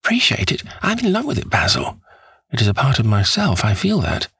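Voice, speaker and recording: A man reading a novel aloud, voicing a vain young man who despairs over losing his youth, in a pleading, husky voice. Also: medium pitch, wildly swooping pitch, brisk, fairly bright tone, no echo, studio quality, voice pushed up, full character voice. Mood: desperate.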